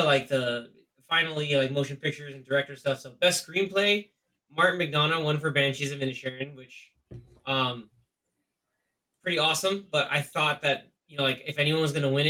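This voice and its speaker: A man co-hosting a podcast, leading a chatty, lively chat about film awards. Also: medium pitch. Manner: chatty, lively, leads the talk. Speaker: podcast co-host.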